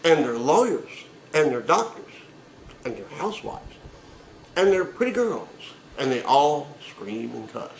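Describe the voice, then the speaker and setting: A man's voice: on the high side, big pitch swings, a little slow, slight background noise. Man ranting profanely in an echoey room. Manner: sarcastic, emphatic, swearing. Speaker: comedian. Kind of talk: profane comedic rant.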